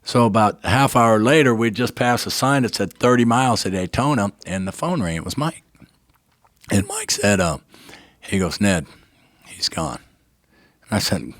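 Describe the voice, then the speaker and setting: A man's voice: on the low side, normal speed, pauses often, dry recording, clean studio sound. An older man, a guest on a talk show, tells a personal story with feeling, acting out what people said and often checking in with "right?". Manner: animated narrator, acts out quoted dialogue, keeps asking "right?".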